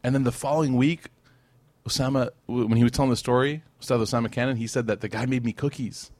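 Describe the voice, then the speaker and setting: A man leads a religious lesson in a relaxed storytelling way, talking at a brisk clip and joking with his listeners. He mixes in short passages of recited Arabic scripture. His voice sits in a middle register and sounds dry and close to the mic. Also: mid-range voice, dry recording. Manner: animated, conversational, jokes with the audience. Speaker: Islamic teacher. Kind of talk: casual storytelling lecture.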